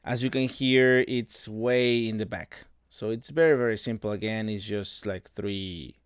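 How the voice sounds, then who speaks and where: Relaxed low-voiced man explaining music production. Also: clean tone, no echo, clean studio sound. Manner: relaxed, halting, many fillers and restarts. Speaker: music producer tutorial host. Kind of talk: casual screen-recorded production walkthrough.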